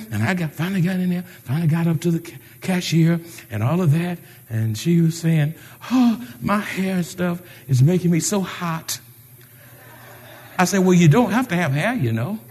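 Preacher man, high voice that swings all over, big echoey church. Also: slightly rough. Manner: animated preaching with call-outs and retold conversations. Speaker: pastor. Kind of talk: sermon. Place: church sanctuary. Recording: long reverb of a large hall.

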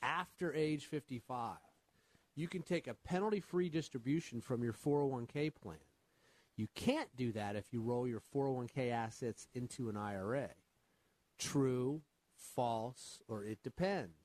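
A man with a mid-range voice and dry, close studio sound, co-hosting a finance radio show. He plays the advisor, setting quiz questions and patiently unpacking retirement rules in a plain, even manner. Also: medium pitch, unhurried, no echo. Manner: explains rules patiently while quizzing his co-host. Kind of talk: radio call-in finance chat.

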